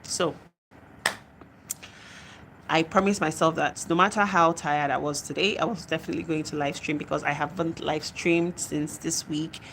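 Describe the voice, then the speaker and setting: A woman's voice: low-pitched, steady tone, normal speed, a bit bright, a little hiss or hum. A young woman hosting a casual livestream, chatting and reading viewer comments aloud. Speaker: livestream host.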